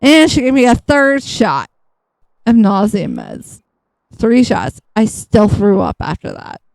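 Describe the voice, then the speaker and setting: A woman's voice: a little high, huge pitch swings, takes it slowly, vocal fry, darkish tone, no room sound, rough recording. A woman hosting a gaming channel, chatting bluntly and casually, acting out both sides of a conversation and swearing freely. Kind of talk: casual storytelling while gaming.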